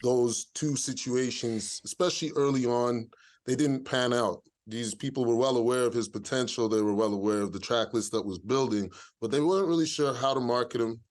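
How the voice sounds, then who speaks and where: A man speaking as an interview guest, telling a story in a steady middle-pitched voice. He is measured at first and livens up as the story goes on. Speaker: rapper guest.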